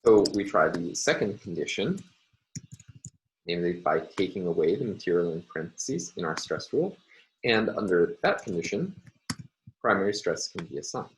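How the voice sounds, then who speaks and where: Low-voiced man lecturing, steady and explanatory. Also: slight background noise, rough recording. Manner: measured, explanatory, frequent "uh" and "um" pauses. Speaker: university lecturer. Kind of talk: recorded phonology lecture.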